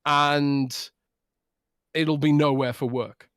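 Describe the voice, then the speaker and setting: A man co-hosting a podcast, ranting in an animated way with many restarts. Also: fairly high pitch, slow, smooth, no echo, studio quality. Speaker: podcast co-host. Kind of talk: casual chat.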